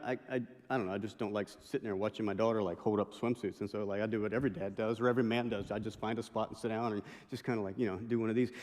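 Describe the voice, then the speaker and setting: Male pastor, middle-aged, quick sermon delivery, storytelling with impressions, long chapel reverb. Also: medium pitch. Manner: lively storytelling with impressions and asides. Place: large chapel hall.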